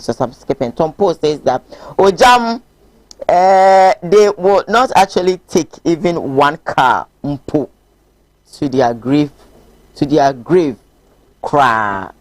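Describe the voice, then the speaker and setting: A woman's voice: sits low, lively intonation, measured pace, dry recording. A woman with a Ghanaian accent hosting a morning talk show, chatting casually, laughing freely and mixing languages as she reads out viewer messages.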